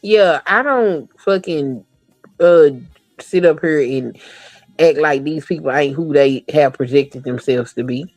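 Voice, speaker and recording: A woman talking in a casual podcast chat, blunt and profane, telling animated stories. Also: deep voice, a little slow, no room sound, soft background music, low-quality recording.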